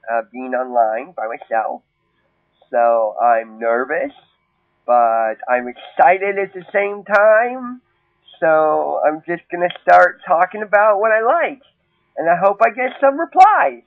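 A man voicing a nervous, cat-obsessed teenage girl puppet who talks haltingly and keeps welling up into tears. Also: a little high, no echo. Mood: nervous, awkward. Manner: halting, full of ums, breaks into tearful gushing. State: tearful. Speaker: puppet character. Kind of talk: comedic puppet monologue. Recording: tinny phone-like dry sound.

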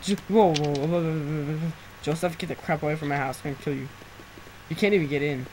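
A teenage boy chatting casually while gaming with a friend, excitable and quick to shout, his throat sore from screaming. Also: a little high, a little hiss or hum, poor audio. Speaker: gameplay commentator. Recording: loud keyboard typing and clicks.

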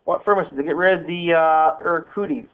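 Surly grubby schoolboy, read by a man, blunt and quiet, phone-thin sound. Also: a little high, fairly quick, clean tone, narrow, tinny audio, lightly acted.

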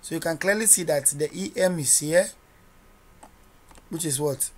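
Coding tutor, measured slow delivery, narrates each edit aloud, quizzes listeners with rhetorical questions. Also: mid-range voice, darkish tone. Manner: narrates each editing step as they go. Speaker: coding instructor. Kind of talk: screen-recorded coding tutorial.

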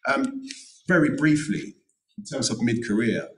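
A man's voice: medium pitch, huge pitch swings, a little slow, a bit bright, distant mic, poor audio. A middle-aged man speaking on a panel at a careers event, giving earnest, emphatic advice and repeating key phrases. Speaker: panel speaker, notary and former solicitor. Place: event room.

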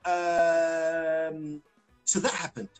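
A British singer telling stories as a guest in a casual live-stream interview, animated and full of fillers, restarts and acted-out quotes. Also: male voice, on the high side, very slow, soft background music, poor audio. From Britain.

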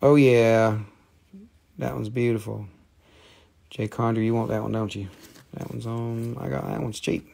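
A man hosting a casual live rock and mineral sale, rambling and joking, teasing viewers by name, and drifting into quiet murmurs as he handles the specimens. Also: mid-range voice, flat delivery, measured pace, gravelly, long pauses. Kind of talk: casual live sales chat.

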